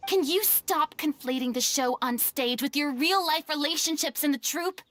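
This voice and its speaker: A stern high-voiced mediator. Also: female voice, moderate pace, fairly bright tone, no echo, clean studio sound. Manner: firm, lecturing. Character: stern yet caring young woman mediator. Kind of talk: game voice acting.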